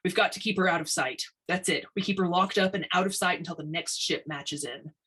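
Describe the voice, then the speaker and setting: A woman voicing a big, gruff male construction superintendent in a science fiction story, blunt and blustering. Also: on the low side, a little fast, a bit bright.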